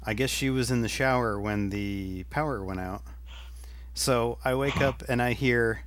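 A man hosting a podcast, telling a story in a relaxed, unhurried way. His voice sits at an everyday middle pitch, and he laughs easily between lines. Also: no room sound. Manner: laid-back storytelling, frequent laughs. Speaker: podcast host. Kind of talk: casual chat.

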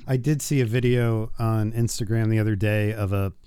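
Chatty man with a low mellow voice. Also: fairly even intonation, moderate pace, clean tone. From New Jersey. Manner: chatty, laughs often, many filler likes. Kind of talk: casual chat.

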